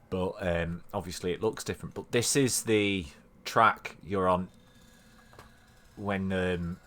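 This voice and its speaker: Mancunian male streamer, low-ish voice, chatty commentary. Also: fairly bright tone. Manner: chatty, joking, explanatory. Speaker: gaming streamer. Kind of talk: gameplay commentary.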